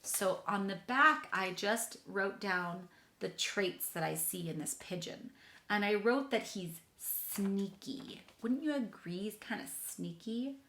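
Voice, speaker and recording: A woman teacher talks children through a reading lesson with chatty enthusiasm. Her voice is bright and keen, and it sits at a middle pitch. She speaks in a room with a noticeable echo. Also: slow. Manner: enthusiastic, chatty, addresses kids directly. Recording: echoey room.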